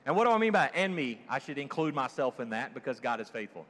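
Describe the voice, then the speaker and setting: A man's voice: mid-range voice, very animated, quick pace, a bit bright. A man preaching a sermon to his congregation in a church, jokey and conversational, often asking them questions. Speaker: pastor. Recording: long hall reverb.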